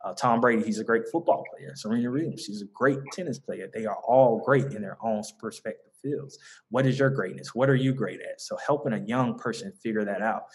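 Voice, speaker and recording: A man's voice: lowish voice, fairly quick. A young man from the American South with a Southern accent, speaking earnestly in a casual interview as a mentoring organization founder, with many fillers and restarts. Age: young adult.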